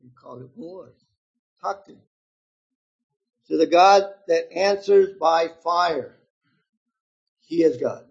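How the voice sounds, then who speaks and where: A man in his seventies preaching a sermon, reading scripture aloud with loud emphatic stretches and quiet, low asides to his listeners. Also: takes it slowly, gravelly, pauses often, slightly rough, lo-fi sound. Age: 70s.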